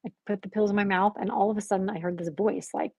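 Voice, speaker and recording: A woman guest on a podcast telling a personal story in conversation, animated and acting out the voices she quotes with gasps. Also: mid-range voice, fast, gravelly, husky, no echo.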